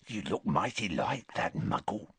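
A man voicing a volatile drunken older hermit who speaks in rough, coarse country speech. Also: fairly low pitch, sing-song, unhurried, fairly bright tone, no echo, full character voice. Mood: dazed, muttering.

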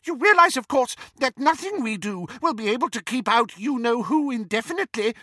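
A man voicing a tiny, excitable elderly male charms professor with a squeaky voice in a storybook reading. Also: fairly quick, no echo, clean studio sound, heavily acted. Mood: flustered.

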